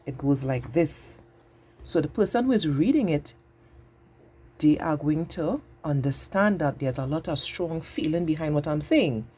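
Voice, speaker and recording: A woman teaching a patient, exaggerated grammar lesson to young children, speaking slowly and clearly. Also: low-pitched, animated, dark tone.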